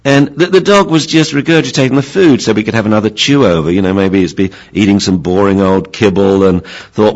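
Older man with a very deep voice lecturing. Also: brisk, lo-fi sound. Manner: chatty, repeats words, acts out dogs and owners. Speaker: dog trainer. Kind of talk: informal lecture.

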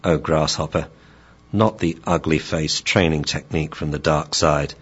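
A man's voice: a bass voice, steady tone, normal speed, husky, highs cut off. A man doing a wise old dog sensei. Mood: mock-solemn. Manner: mock-solemn, gently teasing.

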